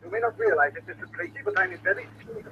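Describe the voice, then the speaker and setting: A jittery, shrill Egyptologist from a 1940s radio drama pleads for protection in a panicky way. His voice swings wildly in pitch. The old broadcast sounds muffled and carries a faint hiss. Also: huge pitch swings, rapid-fire, vocal fry, heavily acted. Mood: indignant. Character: frightened older male Egyptologist.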